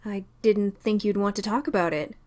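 A woman reading an audiobook voices a gentle, worried male doctor with a soft, concerned manner. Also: mid-range voice, fairly even intonation, moderate pace, natural voice. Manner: soft, concerned, sometimes swearing.

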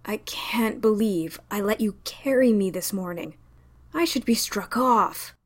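Worried gentle male doctor, read by a woman, soft concern with sharp edges. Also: mid-range voice, animated, normal speed, lightly acted. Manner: soft, concerned, sometimes swearing. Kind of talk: audiobook character reading.

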